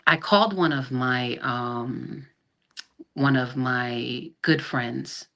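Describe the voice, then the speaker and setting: A woman's voice: rumbling low, slow. A middle-aged woman, an army sergeant, telling her own story as a podcast guest, acting out what people said, with frequent restarts. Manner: animated retelling that acts out quoted dialogue, with frequent restarts. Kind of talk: personal storytelling in a podcast interview. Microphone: video call.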